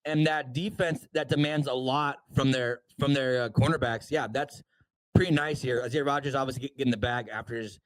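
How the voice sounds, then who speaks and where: A man co-hosting a casual sports livestream, rattling through news items with quick offhand asides. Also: mid-range voice, fairly even intonation, dry recording, low-quality recording. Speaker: podcast co-host.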